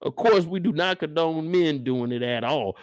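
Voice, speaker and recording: A man hosting a live after-show stream, reacting to a TV episode in animated, joking, casual commentary aimed straight at his viewers. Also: fairly high pitch, moderate pace, no room sound, studio quality. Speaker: host reviewing a TV episode.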